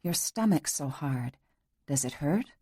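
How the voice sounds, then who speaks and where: A tender, insistent young husband, as a female narrator puts him on in an audiobook romance. He speaks low and close, in a soft, hushed murmur that often drops to a whisper. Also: moderate pace.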